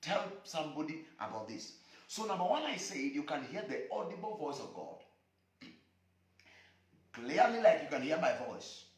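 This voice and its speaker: Emphatic preacher, lively pitch, echoey room. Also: male voice, normal speed, long pauses. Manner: emphatic, repetitive preaching cadence. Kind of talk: online sermon broadcast. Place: room alone.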